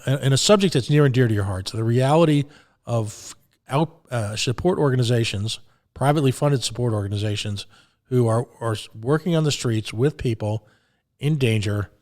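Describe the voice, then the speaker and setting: Halting, sardonic male radio host. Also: medium pitch, darkish tone. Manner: halting, repeats words, laughs often. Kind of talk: live talk radio, sarcastic commentary.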